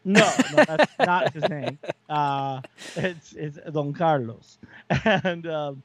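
A man's voice: a little high, no room sound, muffled recording. A man co-hosting a podcast in casual chat, enthusiastic and rambling with lots of fillers. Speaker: podcast co-host.

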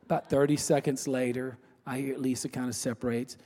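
A man's voice: medium pitch, level tone, fairly quick, mellow. A man preaching a sermon as a pastor, telling a personal story in a conversational way with asides and repeated phrases. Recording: long reverb of a large hall.

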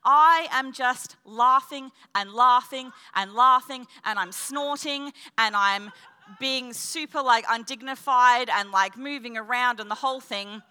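A woman's voice: on the high side, unhurried, sharp tone, smooth. A young woman giving a candid testimony at a church service, telling her story and quoting her own thoughts. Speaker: church speaker sharing testimony. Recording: long hall reverb.

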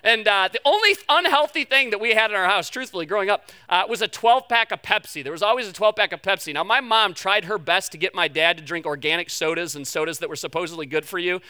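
Bright, crisp-voiced male pastor preaching. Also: high voice, quick pace, few pauses. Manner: conversational, storytelling, emphatic on key points. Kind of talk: sermon with personal stories.

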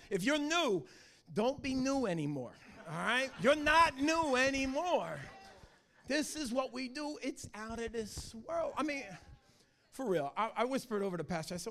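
A man preaching a lively, joking sermon to a church service. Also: very high voice, normal speed, slight background noise. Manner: joking, animated, talks to the crowd. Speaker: guest preacher.

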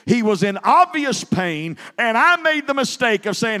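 A man preaching a sermon as pastor. He moves from low, measured phrases to loud, fervent preaching. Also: big pitch swings. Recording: long reverb of a large hall.

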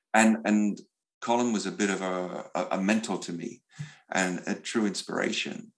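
Animated low-voiced man telling stories. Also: low-quality recording. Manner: animated, repeats words, acts out quotes. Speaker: interview guest, leadership speaker. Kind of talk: conversational storytelling.

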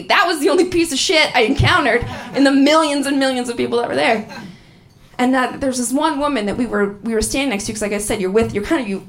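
A woman in her thirties doing a stand-up comedy set on stage, profane and animated, laughing through her punchlines. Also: high-pitched. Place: comedy venue with a live audience.

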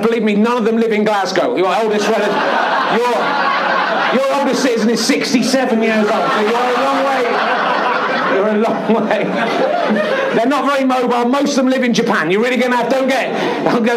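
A man's voice: high-pitched, background noise. A man in his forties doing live stand-up on a theatre stage, rambling and self-deprecating, often restarting his sentences. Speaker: stand-up comedian. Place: large theatre stage before an audience.

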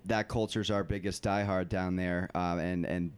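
A man's voice: sits low, little pitch movement, moderate pace, smooth. Laid-back joking man from San Diego. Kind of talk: casual chat.

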